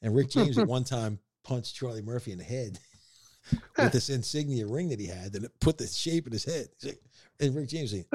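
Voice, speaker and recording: A man's voice: mid-range voice, very animated, a little fast, darkish tone, dry recording, studio quality. A man co-hosting a casual podcast, telling stories and chuckling as he talks. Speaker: podcast co-host. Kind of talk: casual chat.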